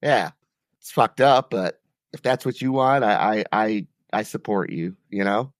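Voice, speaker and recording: A man's voice: on the low side, unhurried, no room sound, studio quality. A man co-hosting a podcast, telling stories in a loose, rambling way with plenty of swearing. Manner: loose, profane, rambling delivery. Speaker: podcast co-host. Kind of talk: casual storytelling.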